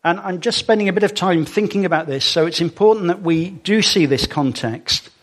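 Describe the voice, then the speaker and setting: A man's voice: sits high, a little fast. A man giving a sermon in a conversational way, with fillers and small asides to the congregation. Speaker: preacher.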